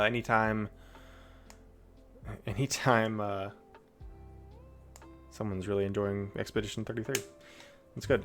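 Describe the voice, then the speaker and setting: While streaming, a man reads Bible verses and slips into relaxed, talkative commentary. His voice is fairly low in pitch and a bit bright.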